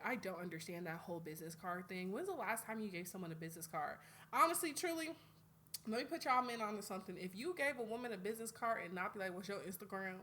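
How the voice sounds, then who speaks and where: A young adult woman from Atlanta hosting her own podcast in an animated, chatty way. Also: mid-range voice. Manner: animated, chatty, swings between loud outbursts and quiet asides. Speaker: podcast host. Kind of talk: casual solo podcast chat.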